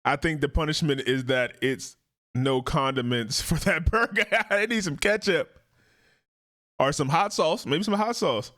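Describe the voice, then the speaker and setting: Man, reaction host, casual ranting commentary, profane, fairly high voice. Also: a little slow. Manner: blunt, profane, animated ranting.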